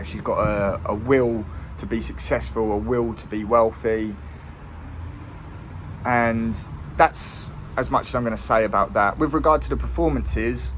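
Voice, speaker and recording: A man's voice: on the low side, slight background noise. A man giving a casual, rambling film review. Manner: rambling, with many ums and restarts.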